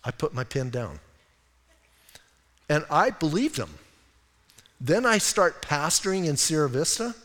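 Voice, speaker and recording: Older man, pastor mid-sermon, folksy and animated, slightly high voice, reverberant sanctuary. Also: unhurried, pauses often. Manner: folksy storytelling, animated asides. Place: church sanctuary.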